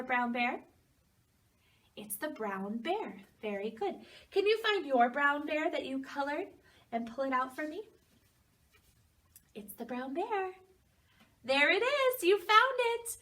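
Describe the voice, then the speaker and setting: A woman with a high, bright voice teaches preschoolers in a gentle, encouraging tone and sings the story's lines. She sounds a little distant from the mic. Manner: gentle, encouraging, sing-song story phrasing. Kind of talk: preschool lesson for young children.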